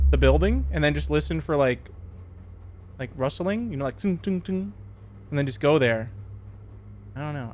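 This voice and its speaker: A man's voice: a little high, background noise. Jumpy, joking young man playing horror. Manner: jumpy, joking, laughs often. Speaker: gaming youtuber. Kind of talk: horror game commentary.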